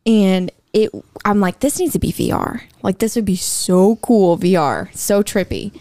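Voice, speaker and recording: A woman chats in a relaxed podcast conversation. She rambles easily, with plenty of "like"s and restarts. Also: medium pitch, measured pace, no room sound. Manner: chatty, rambling, lots of fillers. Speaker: podcast co-host. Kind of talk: casual chat.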